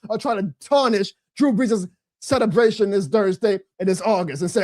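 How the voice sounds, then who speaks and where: A man hosting a live sports stream, ranting about football in a fiery, profane, indignant way that swings from loud outbursts to low mutters. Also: very animated, normal speed, dry recording, clean studio sound.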